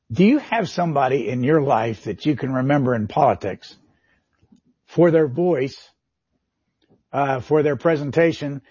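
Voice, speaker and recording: Male interview host, husky, crisp dry lo-fi sound, brisk questioner. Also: fairly high pitch, a little mellow, no room sound. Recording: dry, dull lo-fi audio.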